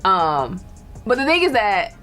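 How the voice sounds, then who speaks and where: A woman's voice: medium pitch, big pitch swings, unhurried, a bit bright, faint music behind. A young woman telling a story in casual chat, laughing and acting out the voices of people she quotes. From Detroit. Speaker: guest storyteller.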